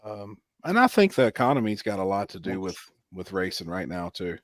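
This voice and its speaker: A man's voice: sits low, very animated, fairly quick, no room sound, studio quality. A man hosting a casual chat about racing, laid-back and drawling. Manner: laid-back, drawling, says "I think" often.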